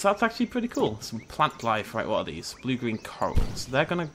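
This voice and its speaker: A man's voice: medium pitch, very animated, brisk, a bit bright, a little hiss or hum. A young man chatting casually through a gameplay video, joking and talking to the animals on screen. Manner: chatty, jokey, talks to the animals, sudden shrieks of surprise. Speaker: gaming video host. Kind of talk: casual let's play commentary.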